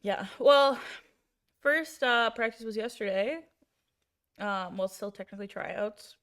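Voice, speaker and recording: A woman's voice: on the high side, measured pace, fairly bright tone. Easygoing woman coach chatting. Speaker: volleyball coach, podcast co-host. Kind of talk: casual chat.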